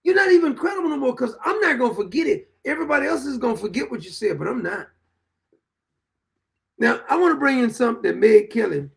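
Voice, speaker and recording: A man's voice: very high-pitched, expressive, fast talker, creaky, a bit bright. A man in his sixties hosting a political commentary show, ranting and mocking his targets with frequent laughter. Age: 60s.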